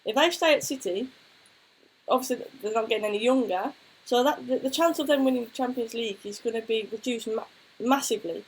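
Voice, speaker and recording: A woman's voice: on the high side, fairly quick, slightly rough, rough recording. A young woman, co-hosting a casual football chat and reading out viewer questions. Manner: chatty, reads out viewer questions. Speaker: co-host.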